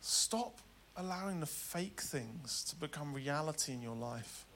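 Male preacher, fairly high and bright, dramatic, loud urgency to hushed tenderness. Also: lively intonation, a little slow, a little hiss or hum. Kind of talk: sermon.

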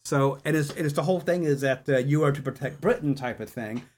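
A man's voice: mid-range voice, fast, darkish tone, a little hiss or hum. A man co-hosting a casual chat podcast, enthusiastic and laughing often. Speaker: podcast co-host.

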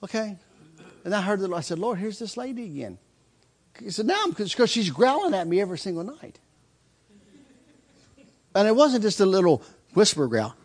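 A man's voice: high-pitched, big pitch swings, normal speed, pauses often. A male preacher telling a story in a sermon, acting out screams and laughter as he goes. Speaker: traveling preacher.

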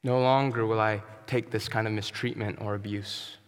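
A man preaching a sermon as pastor, earnest and emphatic, sometimes dropping to a soft, quiet tone. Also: fairly low pitch, fairly even intonation, normal speed, smooth, long reverb tail. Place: church sanctuary.

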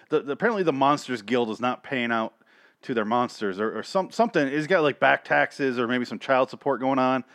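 A man's voice: mid-range voice, brisk, fairly bright tone, dry recording. A man rambles through a profane comedic recap, swearing freely and building into exasperated rants. His voice sits in a middling register, recorded close and dry with no room sound. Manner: rambling, crude, increasingly exasperated ranting.

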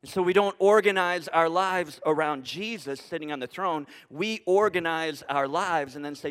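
A male pastor with a high, light voice delivers a sermon, pressing each point home with emphatic repetition and rhetorical questions. His voice rings out with a long reverb trailing through a large church hall. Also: moderate pace, hardly any pauses, fairly bright tone, clear, resonant tone. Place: church sanctuary before a congregation.

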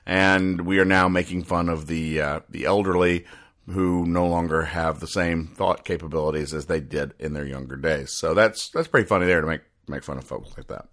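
Male comedy host, low voice, deadpan and rambling, mock-serious explainer of comic strips. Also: normal speed. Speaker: podcast host.

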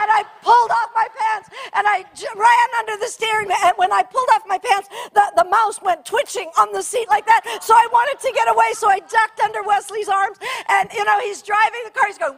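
A middle-aged woman preacher telling an animated, funny story in a sermon. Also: extremely high pitch, brisk, hardly any pauses. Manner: animated, shrieking during funny story parts.

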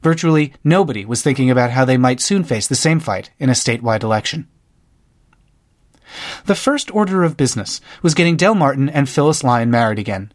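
A man's voice: mid-range voice, expressive, fairly quick. A man narrating a nonfiction book, lifting his voice for quoted speakers. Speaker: audiobook narrator. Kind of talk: scripted narration.

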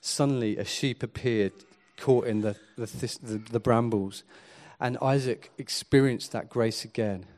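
An earnest male preacher delivers a sermon. His voice sits at an ordinary middle pitch. He shifts between hushed, reflective moments and sudden emphatic swells. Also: a little slow, hardly any pauses. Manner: earnest, builds from quiet to emphatic.

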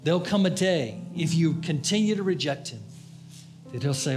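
High-voiced preaching man, soft music behind. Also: lively intonation, normal speed. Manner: impassioned preaching, rising and dropping to hushed tones. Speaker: pastor. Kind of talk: sermon.

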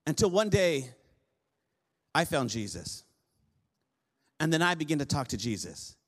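A man's voice: fairly high pitch, big pitch swings, measured pace, fairly bright tone, slightly rough. A man preaching as a pastor, telling a personal story in a conversational way, with humorous asides and frequent repeated phrases. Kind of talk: sermon.

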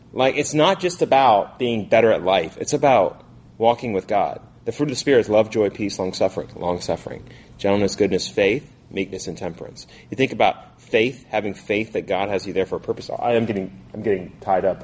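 A man's voice: lowish voice, a little mellow. A man in his thirties teaching a group Bible study in a casual, conversational way, with frequent fillers and restarts.

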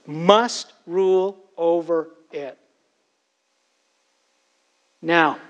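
A man's voice: fairly high pitch, rough recording. A man preaching a sermon as pastor, earnest and emphatic, often turning to address his congregation directly.

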